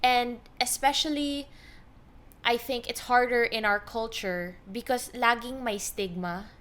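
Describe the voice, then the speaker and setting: Animated Filipino woman podcast host. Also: on the high side, a little slow. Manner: animated, switching between English and Tagalog. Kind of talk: conversational interview.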